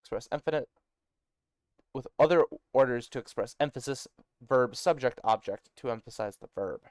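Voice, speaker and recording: A man building a made-up language, thinking aloud as he works and reading notes aloud in quick bursts, muttering and poking fun at himself. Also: mid-range voice, no room sound, studio quality. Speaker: worldbuilder designing a conlang. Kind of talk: thinking aloud while working on screen.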